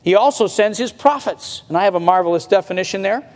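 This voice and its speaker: Male pastor, higher register, conversational sermon delivery, long hall reverb. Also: animated. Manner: conversational preaching, slows to stress points, rises in pitch when emphatic.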